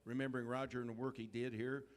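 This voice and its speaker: A man chats casually over the sale barn microphone, pausing to find his words. His voice sits at an ordinary middle pitch. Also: little pitch movement. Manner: hesitant, with fillers and restarts. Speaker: auction announcer. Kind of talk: casual commentary.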